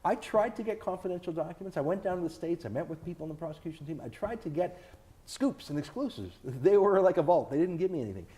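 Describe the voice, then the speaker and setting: A man's voice: a little high, animated, fast, warm tone. A man being interviewed as an author and TV host, arguing his points in an emphatic, combative way during a sit-down interview. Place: indoors, filmed interview.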